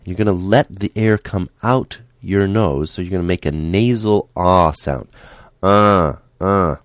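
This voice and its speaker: A man teaching a speech lesson, calm and patient, demonstrating the sounds aloud as he explains them. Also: low-pitched, moderate pace, no room sound, studio quality.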